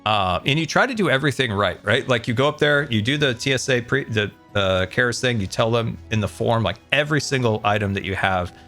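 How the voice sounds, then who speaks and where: A man's voice: medium pitch, lively intonation, a little fast, hardly any pauses, pushed and bright, soft background music. Exasperated man rambling through a story. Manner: rambling, frequent fillers and restarts, exasperated. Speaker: streamer telling a travel story. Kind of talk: casual storytelling.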